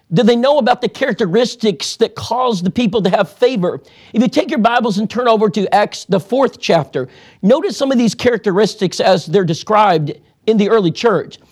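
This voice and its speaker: A man preaching a sermon-style lesson on evangelism, earnest and measured, reading scripture passages aloud. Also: high-pitched.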